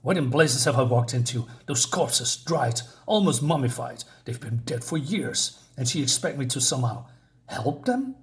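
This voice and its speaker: A man's voice: medium pitch, expressive, moderate pace, lightly acted. A man voicing an earnest, resolute adult male superhero in dramatic inner monologue.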